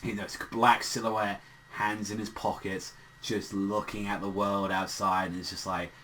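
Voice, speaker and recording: A man's voice: fairly low pitch, level tone, moderate pace, a bit bright, slight background noise, rough recording. Swearing, rambling male manga reviewer. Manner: rambling, heavy swearing, lots of fillers. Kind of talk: casual chapter review.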